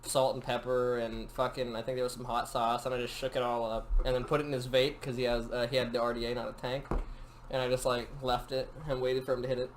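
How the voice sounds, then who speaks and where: A man's voice: mid-range voice, level tone, quick pace, slight background noise. A young man co-hosting a podcast, teasing his friends and cracking crude jokes. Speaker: podcast co-host. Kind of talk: casual chat.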